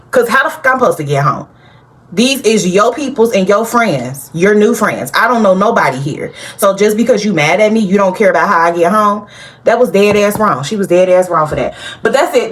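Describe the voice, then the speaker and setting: A woman hosting a casual TV recap, chatty and animated, talking straight to her viewers and laughing often. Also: medium pitch. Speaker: TV recap host.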